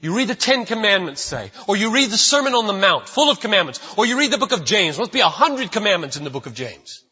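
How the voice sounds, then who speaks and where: Preaching as pastor, this man speaks fast and very animated, his high-sitting voice bright, forceful and slightly rough, hammering his key phrases again and again. It was recorded in a church sanctuary, and the sound is dull and lo-fi with a long hall reverb.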